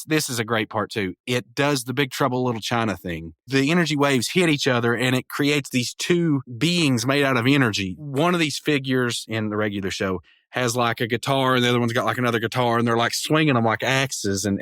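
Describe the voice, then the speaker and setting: A man's voice: medium pitch, fairly bright tone, dry recording. Eager man recapping a cartoon, dry mic. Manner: enthusiastic retelling with quick character impressions; stammering restarts. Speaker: podcast host. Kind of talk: casual episode review.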